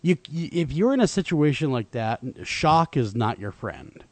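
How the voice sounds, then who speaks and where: A man's voice: on the high side, big pitch swings, normal speed, darkish tone. A man hosting a talk radio show, chatting casually with many fillers and restarts. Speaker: radio host.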